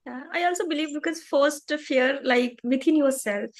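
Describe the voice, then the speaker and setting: A woman's voice: high voice, moderate pace. A woman, talking earnestly in a practice conversation, with many fillers and restarts. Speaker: English practice partner.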